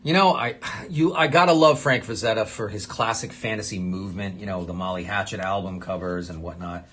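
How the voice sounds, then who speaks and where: A middle-aged man hosting a casual livestream while signing cards, chatty and enthusiastic, with sudden loud exclamations. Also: sits low, fairly quick, slightly rough. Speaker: fantasy artist hosting a livestream.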